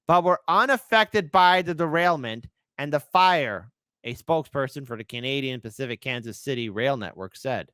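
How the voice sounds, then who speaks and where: A man's voice: mid-range voice, lively intonation, moderate pace, sharp tone, clean tone, dry recording. A man hosting a political commentary stream, reading news articles aloud and breaking in with sarcastic remarks. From United States.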